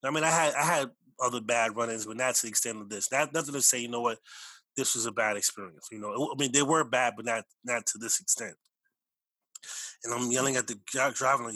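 A man's voice: mid-range voice, fairly even intonation, a little fast, sharp tone, dry recording, poor audio. A man telling a personal story in an emphatic, repetitive way, often correcting himself. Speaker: storyteller recounting a personal experience.

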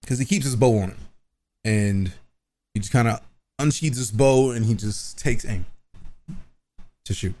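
A man playing a tabletop game, describing his character's actions in a casual, halting way. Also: mid-range voice, dark tone. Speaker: player.

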